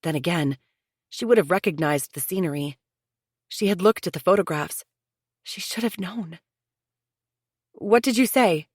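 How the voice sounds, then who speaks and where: A woman with a lowish voice reads a suspense audiobook in measured, even narration. The recording is dry and close, with no room sound. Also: slightly rough, no room sound. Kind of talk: scripted narration.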